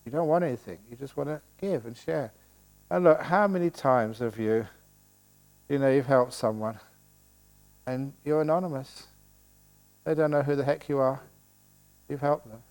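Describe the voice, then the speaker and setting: A man's voice: mid-range voice, normal speed, long pauses, darkish tone. An older man giving a playful dharma talk at a meditation retreat, joking and laughing as he teaches.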